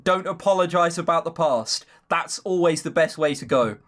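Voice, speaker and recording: A man's voice: fairly high pitch, moderate pace, a bit bright. A young man hosting a let's play, reading a visual novel and making sarcastic, jokey comments about it. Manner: sarcastic, jokey, giggles at the story.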